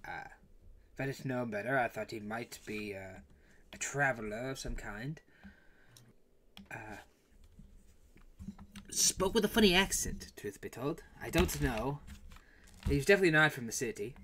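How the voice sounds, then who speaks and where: Hesitant small-shop jeweler played by a man, mid pitch, full of ums and restarts, cagey. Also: expressive, normal speed, pauses often, fairly bright tone, natural voice. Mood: wary. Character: nervous middle-aged male shopkeeper jeweler.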